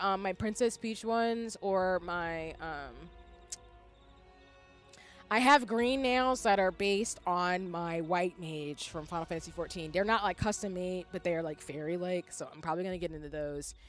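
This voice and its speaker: Chatty young woman streamer saying y'all. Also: mid-range voice. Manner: chatty, says "y'all" often, bursts into squealing yells. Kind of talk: casual livestream chat.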